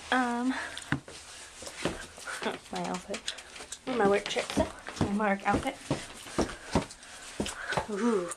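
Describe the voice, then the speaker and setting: A woman's voice: medium pitch, drawn-out words, pauses often. A young woman chatting casually to her camera while out in the snow after a storm, now and then cooing at her pets. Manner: chatty, talks baby talk to pets. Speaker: vlogger. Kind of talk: casual handheld vlog. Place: outdoors in snow. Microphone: handheld camera. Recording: noisy outdoor camera audio.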